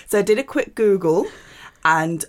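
A woman's voice: medium pitch, lively intonation, moderate pace. A woman hosting a podcast, asking questions in a friendly, chatty way and saying "like" often. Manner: friendly, chatty, uses "like" a lot. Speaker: podcast host. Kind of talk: casual interview chat.

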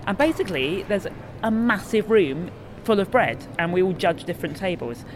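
A woman's voice: medium pitch, animated, moderate pace, a little hiss or hum. A British woman who writes about food, chatting as a podcast guest in an enthusiastic, wry manner. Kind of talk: casual interview conversation.

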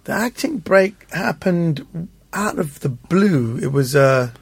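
A man guest telling animated anecdotes in an interview, acting out the voices of people in his stories. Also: fairly high pitch, slow pace, gravelly, slightly rough, no echo. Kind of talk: anecdotal storytelling.

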